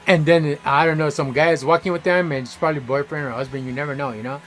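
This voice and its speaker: A man streaming a game, telling stories in a casual, animated way, full of slang and swearing. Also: a little high, fast, faint music behind. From Los Angeles area. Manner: animated, slangy, swears freely, laughs loudly. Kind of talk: casual storytelling chat while gaming.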